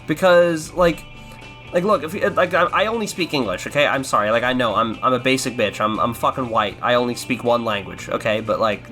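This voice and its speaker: A man's voice: mid-range voice, brisk, sharp tone, soft background music. A man with an American accent hosting a casual commentary podcast, rambling and sarcastic, swearing a lot and restarting his sentences. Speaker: podcast host.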